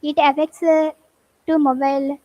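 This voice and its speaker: A young woman student with an Indian English accent, speaking haltingly in a group discussion. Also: sits high, little pitch movement, darkish tone. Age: young adult. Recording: dull lo-fi recording.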